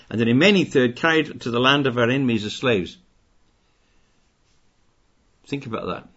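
A British preacher, an older man, delivers a sermon in a husky, slightly rough voice at middle pitch. He drives each point home by repeating phrases and raising his volume as he goes, captured in a dull, lo-fi recording.

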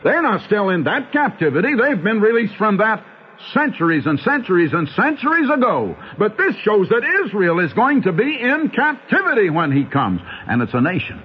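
A man's voice: big pitch swings, moderate pace, slight background noise. Radio preacher guy, urgent and pleading, voice swoops way up and down, tinny old broadcast sound. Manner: urgent, pleading, addresses listeners as "my friends"; swings pitch widely for emphasis, drawls key phrases. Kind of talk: radio sermon.

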